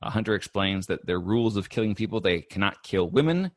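A man's voice: on the low side, a little fast, no echo, clean studio sound. Man recapping a cartoon episode. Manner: lively storyteller, quotes characters, laughs often. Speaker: podcast co-host recapping an episode. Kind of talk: casual chat, animated recap.

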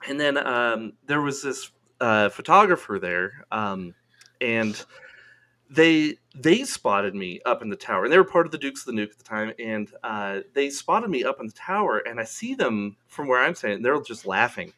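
A man's voice: medium pitch, normal speed. Laughing man telling a wild story. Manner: laughing, swearing, animated storyteller. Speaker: podcast guest. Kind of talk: casual storytelling.

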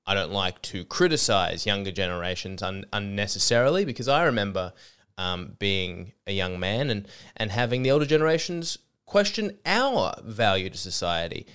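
Man, 30s, podcast comic; sweary, self-interrupting storyteller with a smooth, low voice, a little under the weather. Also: lively intonation, moderate pace, a bit bright. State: a little sick. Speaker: comedy podcast host. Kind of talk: rambling comedic storytelling.

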